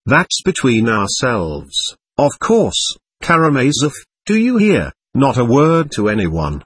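A man reading an audiobook, voicing a proud, argumentative teenage boy who lectures earnestly and takes offence quickly. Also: medium pitch, huge pitch swings, a bit bright, husky, dry recording, full character voice. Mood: confiding.

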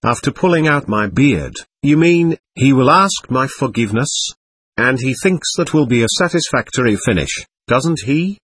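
A man playing a ragged older captain in a storybook, defiant and half mad with grief, his voice husky and swinging up and down as he mocks and pleads. He talks in bitter, theatrical bursts, grovelling one moment and defiant the next. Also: mid-range voice, lively intonation, normal speed, a bit bright, dry recording. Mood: mocking self-pity. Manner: bitter, theatrical, self-abasing. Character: poor, defiant, buffoonish older male captain.

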